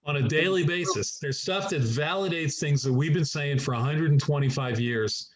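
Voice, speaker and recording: A man's voice: fairly high pitch, moderate pace, poor audio. A man, a chiropractor, talking reflectively in a casual group discussion over a video call, rambling with restarts.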